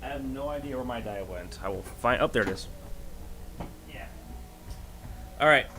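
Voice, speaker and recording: A man's voice: medium pitch, moderate pace, background noise. A man narrating as game master of a livestreamed tabletop game, improvising loosely and correcting himself as he goes.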